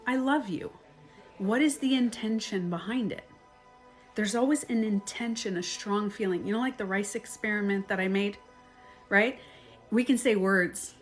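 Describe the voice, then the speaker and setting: A woman talking casually on a live stream as a coach, chatty and animated. She acts out quoted phrases and laughs often. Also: medium pitch. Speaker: life and beauty coach. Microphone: phone.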